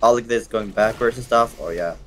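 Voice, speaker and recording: A young man, a game developer judging player builds in casual gameplay commentary, easygoing and quick to laugh. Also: lowish voice, a bit bright, slight background noise. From Sweden.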